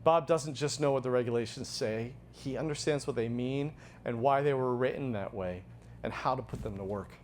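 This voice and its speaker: A man's voice: medium pitch, normal speed, a little mellow, a little hiss or hum. A man delivering a prepared, earnest tribute speech as he presents an award at an event. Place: event venue.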